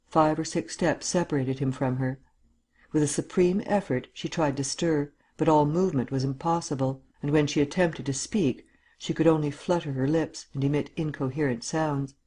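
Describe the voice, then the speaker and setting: A man reading a classic novel as an audiobook in a measured storytelling voice, acting out the dialogue. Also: a little high, a little mellow. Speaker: audiobook narrator. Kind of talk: scripted audiobook narration.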